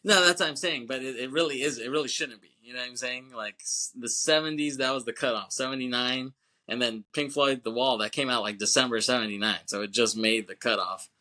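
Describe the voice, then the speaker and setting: A man's voice: mid-range voice, fairly quick, sharp tone. A man co-hosting a film podcast, talking in a loose, rambling casual way, with filler phrases and casual swearing. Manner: rambling, frequent "you know what I'm saying". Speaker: podcast co-host.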